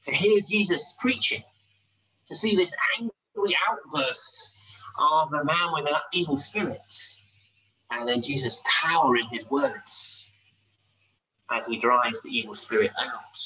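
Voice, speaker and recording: A man preaching a sermon in a conversational way, asking rhetorical questions with lively emphasis. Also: a little high, a little slow. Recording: distant mic with faint background noise.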